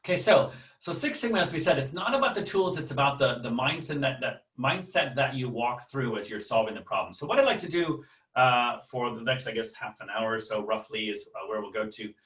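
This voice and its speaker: An American man gives a casual online lecture in a mid-pitched voice, stopping on ums and restarts and asking his listeners questions. He sits a little back from the mic, and the room adds a noticeable echo. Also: expressive, a little fast, fairly bright tone, far from the mic. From United States. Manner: conversational, many fillers and restarts, asks the audience. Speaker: webinar lecturer. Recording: roomy sound, voice a bit off-mic.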